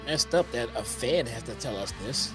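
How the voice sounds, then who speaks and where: A man's voice: mid-range voice, animated, normal speed. Co-host guy, bouncy voice, can't believe what fans get mad at, faint guitar underneath. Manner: exasperated, incredulous remarks. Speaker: podcast co-host. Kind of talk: casual wrestling review chat.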